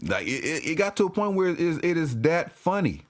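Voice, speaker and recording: With a voice on the high side, very animated and a little fast, a man rants to camera about basketball, his pitch swinging wildly. He repeatedly bursts out laughing, curses freely and keeps repeating himself.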